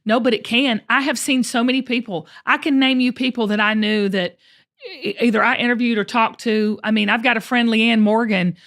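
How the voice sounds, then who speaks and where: A woman's voice: on the high side, steady tone, brisk, a bit bright. A middle-aged woman, hosting and coaching her guests, earnest and emphatic, often repeating words as she presses a point. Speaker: host and coach. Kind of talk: encouraging coaching talk.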